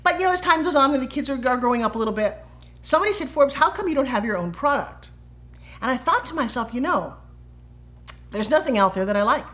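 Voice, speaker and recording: A middle-aged woman, a fitness entrepreneur, telling her personal story to camera in a lively way and acting out the quoted voices. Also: high-pitched, fast talker. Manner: animated, acts out quoted voices.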